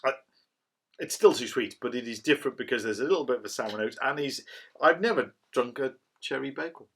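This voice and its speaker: A man's voice: medium pitch, brisk, a bit bright, slightly rough. A middle-aged man, chatting casually through a cider review and rambling as he goes. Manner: rambling, chatty, self-described waffler.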